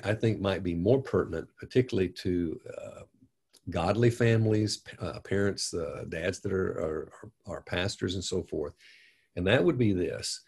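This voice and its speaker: Older male pastor, low gravelly voice, unpolished and earnest, telling personal stories. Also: darkish tone. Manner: earnest, folksy, many fillers and restarts. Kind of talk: conversational storytelling.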